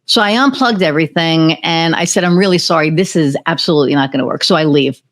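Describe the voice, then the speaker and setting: A woman who owns a business, telling a candid, animated story as a podcast guest and swearing freely. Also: low voice, fast talker. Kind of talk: casual conversational storytelling.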